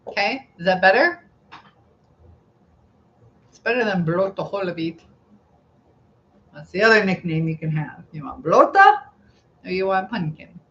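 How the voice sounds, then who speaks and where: A woman's voice: medium pitch, fairly bright tone. A middle-aged woman hosting a casual live stream, chatting and giggling as she reads out viewer comments. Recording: slightly dull lo-fi sound with faint background noise.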